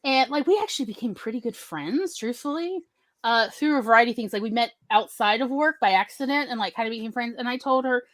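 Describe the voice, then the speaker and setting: A young woman tells a long personal story in a casual, chatty way, her voice sitting a little high. She brings the people in her story to life, shifting her voice for each of them. The sound is dry and close, with no room echo. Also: fast talker. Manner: animated, acts out other people's lines in shifting voices. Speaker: podcast host telling a story.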